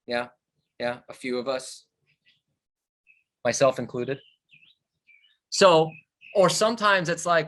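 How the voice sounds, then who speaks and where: A man leading a virtual sales training over a video call, animated, shifting his tone and speed to show how questions land. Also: fairly high pitch, slow pace, long pauses.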